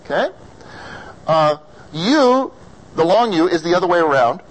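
An American man leads a classroom lesson on vowel sounds, speaking slowly in a fairly high voice. He patiently sounds out each vowel and draws answers from his students. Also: big pitch swings, poor audio. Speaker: singing or diction teacher.

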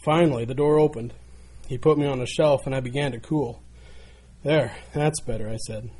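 Guy doing a talking teacup begging the potter to stop, mellow husky voice. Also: mid-range voice, steady tone, moderate pace, natural voice. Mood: pleading. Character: suffering talking teacup, pleading then grateful.

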